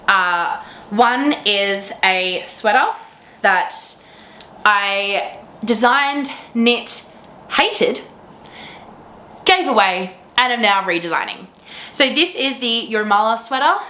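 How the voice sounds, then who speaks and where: A woman's voice: a little high, expressive, slow, pushed and bright, reverberant, slight background noise. A young woman hosting a knitting podcast, chatting casually and gushing with enthusiasm. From Australia. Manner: gushing, enthusiastic, laughs often. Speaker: teacher. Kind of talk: casual chat to camera.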